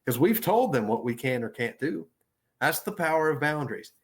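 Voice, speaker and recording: A man, a counselor, teaching about setting boundaries in a steady, assertive, deliberate way. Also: mid-range voice. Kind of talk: instructional talk on boundaries.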